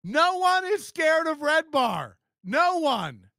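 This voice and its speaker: A man's voice: extremely high pitch, very animated, takes it slowly, vocal fry, sharp tone, dry recording, studio quality. A man hosting a podcast, ranting in mocking disbelief and laughing often as he reacts to clips. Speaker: podcast host.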